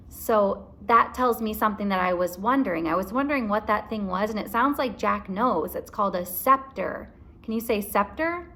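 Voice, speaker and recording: Woman teacher reading aloud to kids, slow and expressive, explains as she goes. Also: mid-range voice.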